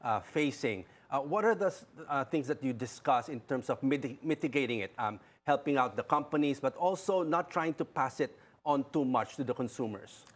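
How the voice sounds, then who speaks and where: A man with a Filipino English accent interviewing a guest, asking halting questions full of fillers. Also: medium pitch, animated. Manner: halting questions with many fillers, frequent backchannels.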